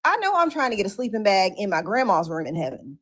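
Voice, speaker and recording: A woman co-hosting a live-stream chat, telling stories in a sassy, slangy, animated way. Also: medium pitch, fast talker.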